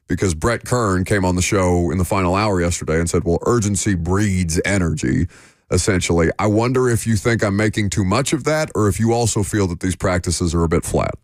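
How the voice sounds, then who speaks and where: Male sports radio host, deep voice, dry close studio sound, opinionated and halting. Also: dry recording. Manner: opinionated, with frequent fillers and restarts.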